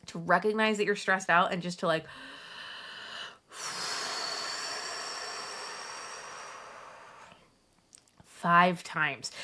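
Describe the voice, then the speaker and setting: A woman in her thirties, a Catholic mom coach, talking straight to her viewers in a chatty, gently soothing way. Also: mid-range voice. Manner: warm, chatty, gently soothing self-talk asides. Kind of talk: direct-to-camera advice talk.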